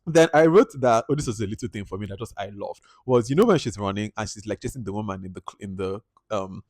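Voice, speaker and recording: A man's voice: fairly low pitch, fast, no echo. Chatty male film reviewer, dry sound. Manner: chatty, animated, heavy use of "like". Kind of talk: casual spoken movie review.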